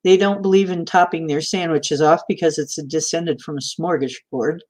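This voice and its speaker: A low-voiced woman hosts a spiritual livestream, casually chatting and reading viewer comments. She has a flat Midwestern American accent and a radio-trained announcer delivery, steady at normal speed. She is chatty and warm toward viewers and laughs often.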